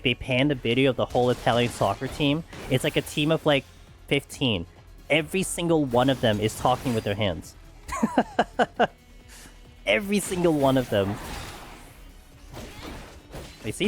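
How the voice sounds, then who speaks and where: Man, game streamer, casual chat, animated voice, rambling, laughs a lot. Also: medium pitch, moderate pace, faint music behind. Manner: loose, rambling, laughs often, many "like" fillers. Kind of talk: casual chat while gaming.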